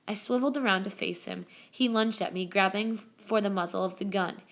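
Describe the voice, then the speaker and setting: A woman reading a novel aloud as first-person narration, steady, with small self-corrections. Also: mid-range voice, brisk. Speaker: reader. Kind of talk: audiobook narration.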